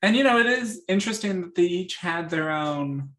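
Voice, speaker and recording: A man with a fairly high voice, talking about a movie in a laid-back conversation. He keeps an easy pace and chuckles often between remarks. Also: animated, normal speed, a bit bright. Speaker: movie reviewer. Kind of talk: casual chat.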